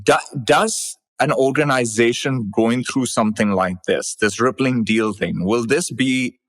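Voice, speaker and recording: A man hosting a casual podcast discussion, asking thoughtful, measured questions. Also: medium pitch, a bit bright, no echo.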